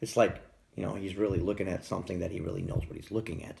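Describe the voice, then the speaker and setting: A man's voice: low voice, flat delivery, quick pace, vocal fry, darkish tone, a little hiss or hum. A middle-aged man vlogging in a casual, rambling way, stumbling over restarts and repeated words.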